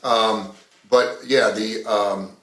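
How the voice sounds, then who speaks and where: A man hosting a radio show, talking in a rambling, animated, casual way. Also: fairly low pitch, very slow, echoey room. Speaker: radio host.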